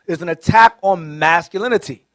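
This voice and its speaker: A man serving as a deacon in a classroom, speaking forcefully and repeating phrases for emphasis. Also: high-pitched, fairly quick, dry recording. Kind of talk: classroom teaching.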